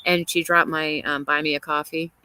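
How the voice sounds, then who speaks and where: A woman's voice: deep voice, level tone, normal speed, bright, forceful tone, clean tone, poor audio. A woman hosting a casual livestream, talking through viewer comments in an opinionated, chatty way and laughing often. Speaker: livestream host. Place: outdoors in a garden.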